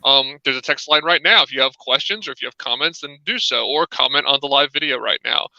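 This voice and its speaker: A man's voice: mid-range voice, quick pace, vocal fry, pushed and bright, no echo, dull audio. A man co-hosting a live-streamed discussion, talking casually with lots of "um" fillers and putting questions to his co-host over a video call. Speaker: livestream co-host.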